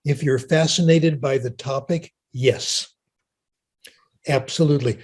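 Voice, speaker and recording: Husky older man lecturing. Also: mid-range voice, steady tone, measured pace, darkish tone. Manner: chatty, storytelling, keeps asking "okay?". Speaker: linguist giving a talk. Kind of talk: lecture with audience Q&A.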